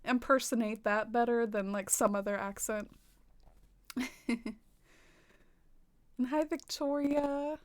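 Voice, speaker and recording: A woman's voice: on the high side, slow pace, long pauses. Giggly, chatty Southern woman streaming. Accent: light Southern American twang. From American South. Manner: chatty, giggly, filler-heavy with frequent "like". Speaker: game streamer. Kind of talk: casual stream chat, reading viewer comments.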